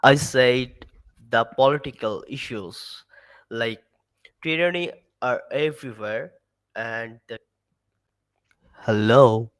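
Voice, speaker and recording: A man calling in as a guest, talking haltingly with restarts and frequent uh. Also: mid-range voice, a bit bright, clear, resonant tone, rough recording. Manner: halting, restarts and asks if he can be heard. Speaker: call-in guest. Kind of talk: casual remote call-in chat.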